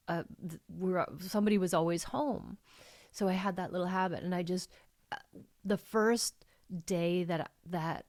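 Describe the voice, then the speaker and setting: A middle-aged woman hosts her own coaching podcast in a heartfelt, emotional monologue that rambles with plenty of "like"s. Her voice sits on the low side for a woman. The sound is dry and close, with no room around it. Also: dry recording. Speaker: life coach and podcast host.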